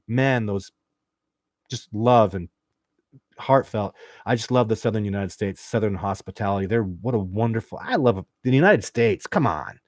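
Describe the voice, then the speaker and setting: A Canadian man hosting a casual livestream, reading viewer questions and rambling excitedly with lots of restarts and fillers. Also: fairly low pitch, fairly quick, no echo, studio quality. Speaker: livestream host.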